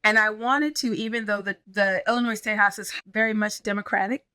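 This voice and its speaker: Bright-voiced woman pastor telling a story. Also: mid-range voice, fairly quick, clear, resonant tone, dry recording. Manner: animated, acts out quoted dialogue. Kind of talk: conversational interview storytelling.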